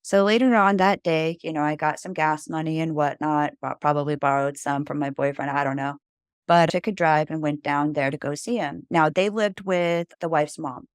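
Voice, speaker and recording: A woman with a low voice tells a personal story as a podcast guest. She rambles casually, with lots of "like" and "you know." The sound is dry and close. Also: normal speed, smooth, no room sound.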